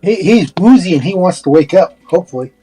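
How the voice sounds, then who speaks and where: A man's voice: sits high, animated, a little fast, warm tone, breathy edge, soft background music. A man playing a tabletop game, chatting casually and laughing easily. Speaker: player.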